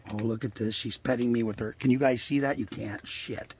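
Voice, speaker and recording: A man's voice: lowish voice, steady tone, brisk, few pauses, husky. An older man casually vlogging outdoors by a trailer near the woods, rambling and coaxing animals fondly, swearing now and then. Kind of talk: casual outdoor vlog narration.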